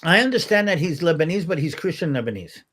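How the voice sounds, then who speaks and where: A man's voice: a little high, big pitch swings, quick pace, a bit bright. A man co-hosting a live talk show, breaking in with short, dry remarks. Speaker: co-host. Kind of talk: casual live chat.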